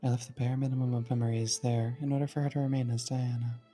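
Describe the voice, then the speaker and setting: Leith, a calm and composed dream-world guide, read aloud by a friend. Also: mid-range voice, faint music behind, close to an everyday voice. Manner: calm, measured, slightly formal. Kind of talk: reading a visual novel aloud.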